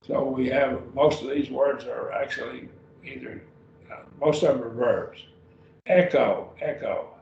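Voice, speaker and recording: A man teaching a Greek grammar class at a slow, patient pace, repeating each word form as he goes. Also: medium pitch, little pitch movement, vocal fry, slight background noise. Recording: lo-fi roomy recording from a distance.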